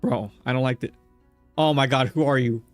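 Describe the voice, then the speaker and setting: A man's voice: medium pitch, moderate pace, no echo, soft background music. A man streaming a visual novel game, joking around and chatting with his viewers and the characters. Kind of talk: casual let's-play chat.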